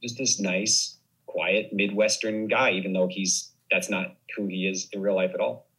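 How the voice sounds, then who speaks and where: A man as a guest on a podcast, chatting casually with relaxed, playful banter. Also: deep voice, moderate pace, low-quality recording.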